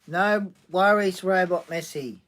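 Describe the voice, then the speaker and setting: Slow, halting man on a livestream. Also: high voice, a bit bright. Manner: halting, many restarts and fillers, reads chat comments aloud. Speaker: livestream host reading chat. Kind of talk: casual livestream chat.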